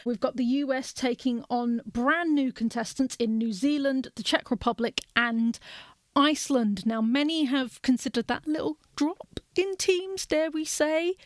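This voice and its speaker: Brief: woman, podcast co-host, casual and wry, slightly high voice. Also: a little slow, no room sound. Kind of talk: casual sports chat.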